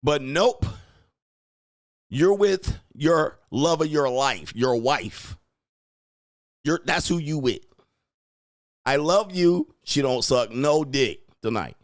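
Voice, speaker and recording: A man's voice: medium pitch, animated, slow pace, pauses often, dry recording, studio quality. A man hosting a show, ranting crudely, mocking his listeners and breaking into laughter as he acts out their voices. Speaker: podcast host and dating coach. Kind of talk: crude comedic rant.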